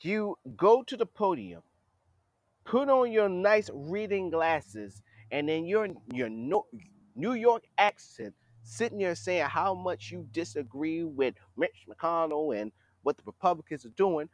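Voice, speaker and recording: A man with a high, very animated voice delivers a blunt political commentary monologue. He talks straight at the leaders he criticizes, in a scolding tone. The sound is dry and close. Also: measured pace, dry recording. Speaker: podcast host.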